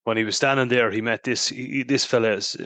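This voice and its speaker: A man's voice: medium pitch, fast, dry recording. An Irish man hosting a podcast, chatting and telling funny stories, laughing often. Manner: laughs often, animated storyteller. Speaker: podcast host. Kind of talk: casual chat, storytelling.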